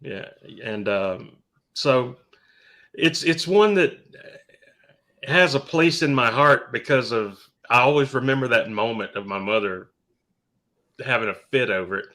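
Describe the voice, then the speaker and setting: Podcast co-host, male, bright tone, lively pitch, halting delivery with frequent restarts. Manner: halting, restarts a lot, joking. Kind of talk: casual chat.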